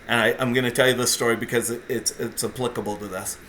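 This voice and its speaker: A man's voice: mid-range voice, steady tone, fast, pushed and bright, slight background noise. A middle-aged man, a jiu-jitsu competitor and podcast guest, telling stories in a casual, intense and self-deprecating way. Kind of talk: casual storytelling.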